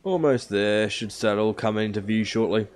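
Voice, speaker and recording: A man's voice: fairly low pitch, normal speed. Chatty male game streamer. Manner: chatty, explains steps to viewers. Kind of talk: live game commentary.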